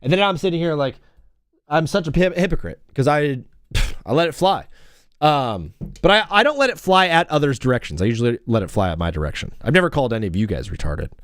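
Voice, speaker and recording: Young male livestream host, slightly high voice that swings widely, jokey and rambling, dry close mic. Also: very animated, quick pace, fairly bright tone, no room sound. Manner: rambling, jokey, calls plays as they happen. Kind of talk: casual live sports chat and reaction.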